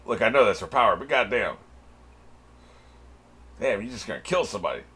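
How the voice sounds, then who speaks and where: A man's voice: on the low side, lively intonation, brisk, pushed and bright, slightly rough. A man hosting a reaction channel, giving casual commentary on an anime episode, laughing often and swearing freely.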